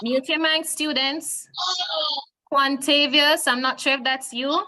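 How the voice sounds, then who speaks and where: Her high-pitched voice is bright and forceful, holding a steady tone as she takes things slowly. She's a woman with a Jamaican accent giving an online Spanish lesson over video call, patiently repeating words for her students.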